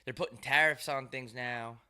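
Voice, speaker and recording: A man's voice: medium pitch, fairly even intonation, normal speed, sharp tone, clear, resonant tone. A man hosting his own show, telling rambling, profane, wry stories in a loose monologue. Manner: profane, wry, ranting storyteller. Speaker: show host.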